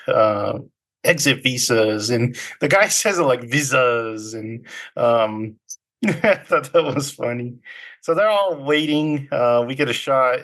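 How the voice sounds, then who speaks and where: A man's voice: medium pitch, a bit bright. A man co-hosting a podcast, casually recapping a film in a loose, chatty way and laughing often. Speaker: podcast co-host.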